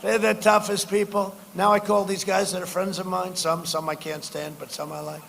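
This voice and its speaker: A man speaking at a political rally, off the cuff and repetitive, jumping between shouted lines and quiet asides. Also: sits high, level tone, moderate pace, vocal fry, slight background noise.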